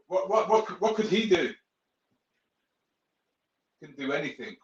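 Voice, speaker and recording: A man's voice: high voice, reverberant, lo-fi sound. A man hosting a live show, speaking casually and apologizing for a line delay. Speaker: host.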